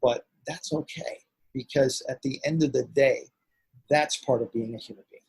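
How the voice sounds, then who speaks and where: A middle-aged man, a martial arts grand master and actor, telling stories in an animated, rambling way as an interview guest. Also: mid-range voice, moderate pace, husky, dry recording, poor audio. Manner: animated, rambling, swings loud and soft. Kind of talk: casual storytelling interview.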